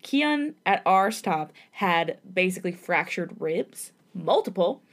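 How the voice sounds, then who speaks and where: A woman's voice: lowish voice, big pitch swings, a little slow. A young woman co-hosting a podcast, chatting casually, gushing and laughing often, easily moved. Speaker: podcast co-host. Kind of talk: casual chat.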